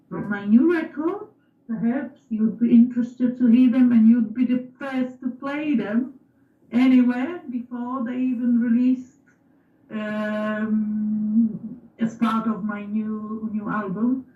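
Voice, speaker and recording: Female musician guest, fairly high rough-edged voice, polite and hesitant, distant echoey phone line. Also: takes it slowly. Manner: polite, a little hesitant, gracious. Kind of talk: interview over a phone line.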